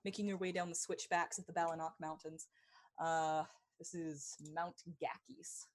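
A woman narrating as game master, with many pauses and fillers. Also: on the low side, fairly even intonation, dry recording. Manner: halting, many fillers and restarts.

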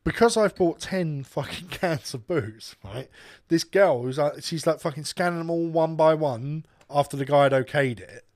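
A man's voice: fairly high pitch, normal speed, dry recording. A man with a slightly raised voice launches into a furious, swear-laden rant, acting out the people in his story as he goes. The sound is dry and close, with no room around it. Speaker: podcast co-host and radio presenter. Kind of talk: casual chat, ranting anecdote.

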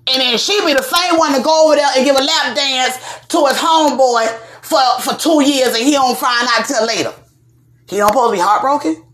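A woman's voice: high-pitched, a little fast, few pauses, fairly bright tone, a little hiss or hum. A woman hosting a show, giving casual commentary in a blunt, emphatic way and swearing freely. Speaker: host.

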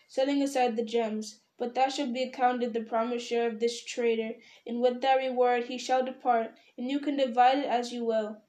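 A woman's voice: a little high, roomy sound, lightly acted. A woman reading aloud, voicing a proud, wrathful male dwarf king who raises his voice in anger. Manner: loud, angry outbursts.

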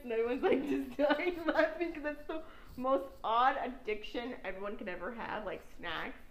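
A woman's voice: sits high, moderate pace, echoey room, poor audio. A young woman from New York, a podcast host chatting casually, rambling and swearing and laughing at her own stories. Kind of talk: casual chat.

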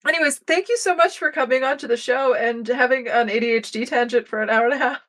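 A woman's voice: high voice, fast. A young woman hosting a podcast, chatting casually and telling stories in a rambling way with many fillers. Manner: rambling, many fillers and restarts, animated storytelling. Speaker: podcast host. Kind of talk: casual chat.

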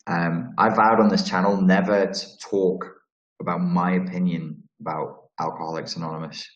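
A man's voice: sits low, little pitch movement, normal speed. A man with a Scouse accent hosting a live question-and-answer stream, blunt and profane, rambling with restarts. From Liverpool, England. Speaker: channel host answering viewer questions. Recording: roomy, dull lo-fi sound.

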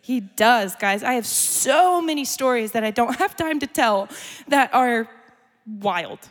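Chatty high-voiced woman preaching. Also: measured pace. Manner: chatty, animated, laughs often. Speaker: speaker. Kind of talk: sermon storytelling. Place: church gathering hall. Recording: long hall reverb.

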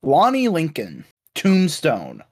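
Animated man recapping comics in casual chat. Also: fairly high pitch. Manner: animated, acts out characters in quick bits, swears casually. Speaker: podcast co-host recapping comics.

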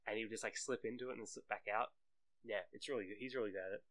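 An Australian man with a bright, forward voice, talking loosely in a casual podcast chat. He rambles, swears freely and drops into jokey mock accents now and then. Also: on the low side, fairly even intonation, quick pace, no echo. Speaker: podcast co-host.

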